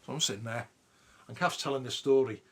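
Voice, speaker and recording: A man's voice: medium pitch, fast talker, husky. A man, hosting a podcast and telling a ghost story in a casual, sweary way. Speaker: podcast host.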